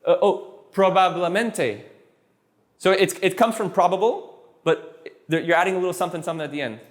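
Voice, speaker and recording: A man teaching a live class of students, relaxed and encouraging, who often repeats himself and restarts his sentences. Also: high voice, quick pace. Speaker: Spanish teacher.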